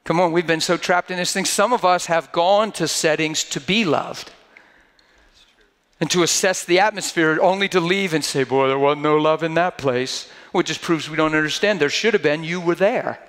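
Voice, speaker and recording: A man's voice: sits high, moderate pace, fairly bright tone, long reverb tail. A man preaching a sermon in a conversational way that builds to fervent emphasis, now and then acting out mocking quoted voices.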